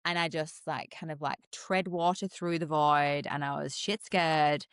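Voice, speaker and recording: Middle-aged woman, low and earnest, dry close sound, reflective podcast guest. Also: steady tone, a little slow, smooth, no echo. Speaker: holistic psychologist guest. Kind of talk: candid podcast conversation.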